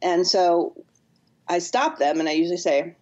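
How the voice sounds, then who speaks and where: A woman's voice: on the low side, lively intonation, moderate pace, dark tone, muffled recording. A woman psychotherapist, a podcast guest, earnestly explaining with acted-out examples. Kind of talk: podcast interview.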